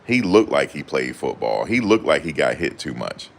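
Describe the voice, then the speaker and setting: A man's voice: very deep voice, big pitch swings, normal speed, creaky. A young man chatting casually to camera in loose, slangy banter, often laughing. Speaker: vlogger.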